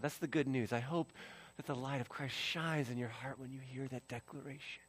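A male pastor preaching a sermon, swinging from loud emphasis to hushed near-whispers and acting out the voices of biblical figures. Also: medium pitch, steady tone, normal speed.

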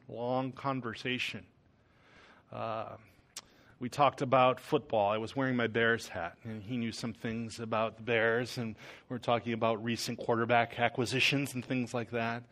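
A man's voice: mid-range voice, fairly even intonation, normal speed, fairly bright tone. Pastor guy, sermon, just talking it through earnest and easy, mid voice. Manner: conversational, earnest storytelling. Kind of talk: sermon with personal story.

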